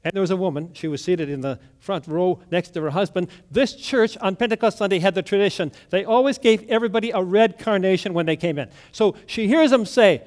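A man preaching a sermon in a church, telling a story and shifting into loud, dramatic quoted lines. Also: sits high, a little fast, few pauses.

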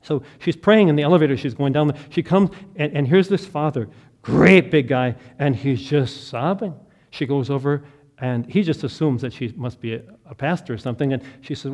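A man's voice: fairly high pitch, animated, moderate pace. Impassioned preacher man telling a story. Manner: builds to loud impassioned peaks, then drops soft. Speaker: pastor. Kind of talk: sermon storytelling.

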